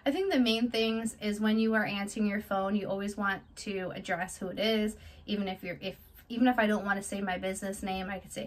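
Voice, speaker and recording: A woman's voice: mid-range voice, fairly even intonation, a little fast, hardly any pauses, low-quality recording. A woman, a small business owner, giving direct, chatty tips in a casual how-to vlog. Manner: direct, chatty, plain-spoken.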